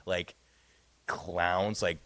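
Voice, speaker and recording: A young man co-hosting a podcast, rambling through a profane, animated story in casual chat. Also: low voice, extremely slow, no echo. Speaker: podcast co-host.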